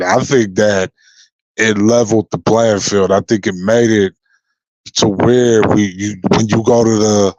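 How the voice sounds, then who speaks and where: A man's voice: fairly low pitch, dry recording, rough recording. A young man giving an unscripted freestyle rant on his channel, profane and confrontational, often repeating and restarting his words. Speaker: YouTuber.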